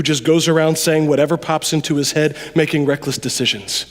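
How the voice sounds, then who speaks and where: A man preaching a sermon in a church, talking to the congregation in an animated, conversational way that drops suddenly to quiet asides. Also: a little high, brisk, few pauses. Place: church sanctuary. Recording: long reverb of a large hall.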